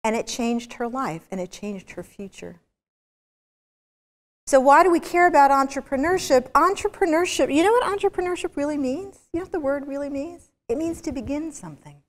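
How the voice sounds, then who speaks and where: High-voiced woman lecturing in a reverberant hall. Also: normal speed. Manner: energetic storytelling with rhetorical questions to the audience. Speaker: guest business lecturer. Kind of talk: motivational university lecture.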